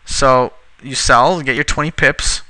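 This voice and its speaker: A man walks through a trading tutorial in a loose, chatty way, and his voice is very bright and crisp. The sound is close and dry, with no room around it. He gets short-tempered and curses now and then at his sluggish computer. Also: mid-range voice, no echo. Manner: casual, frustrated, swears at slow computer. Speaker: trading instructor. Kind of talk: screen-recorded tutorial.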